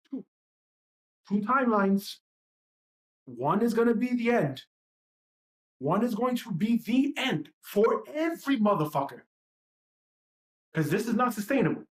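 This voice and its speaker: A woman ranting during a livestream: heated and profane, firing off repeated rhetorical questions. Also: mid-range voice. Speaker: livestream host. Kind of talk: impassioned livestream rant.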